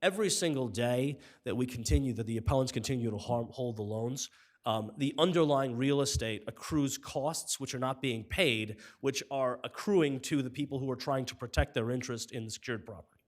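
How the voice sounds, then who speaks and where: A man arguing as an attorney in a courtroom, formal and measured, his voice wearing thin. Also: mid-range voice. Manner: formal, measured, apologetic when interrupted. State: voice giving out. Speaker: appellate attorney. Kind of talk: courtroom oral argument. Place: appellate courtroom.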